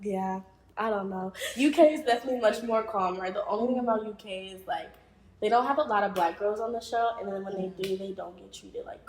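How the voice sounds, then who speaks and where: A woman's voice: medium pitch, a little fast, darkish tone. A woman guest on a podcast, chatting casually and animatedly, often laughing and mimicking voices. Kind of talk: casual chat. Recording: echoey room.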